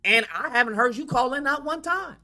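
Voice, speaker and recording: A man's voice: very high-pitched, animated, brisk, sharp tone. A man hosting a live stream, ranting in a heated, mocking and profane way, taunting a viewer to call in.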